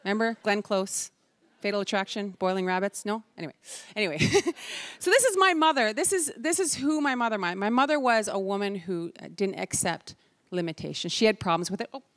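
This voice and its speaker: Animated woman telling stories on stage. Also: mid-range voice, brisk, no room sound. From Canada. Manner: lively storytelling, acting out voices of others. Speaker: keynote speaker. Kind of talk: storytelling talk to an audience. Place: large event hall before a live audience.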